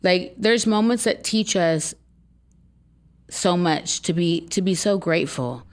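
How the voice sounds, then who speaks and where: A woman's voice: lowish voice, takes it slowly. Woman, fifties, casual podcast talk, earnest, blunt, cursing often. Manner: earnest, blunt, swears freely.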